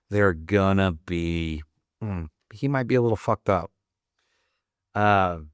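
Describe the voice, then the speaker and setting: A man in his forties tells war stories in a very low voice. He is blunt and profane, and he talks in a loose, matter-of-fact way. His voice is recorded dry and close, with no room sound. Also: no room sound. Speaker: podcast guest, Marine veteran. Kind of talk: casual war storytelling.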